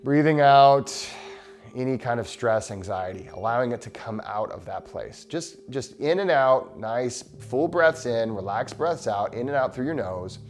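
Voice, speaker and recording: A man hosting a show, leading a guided breathing exercise in a slow, soothing, encouraging way. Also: mid-range voice, expressive, soft background music. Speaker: breathwork host.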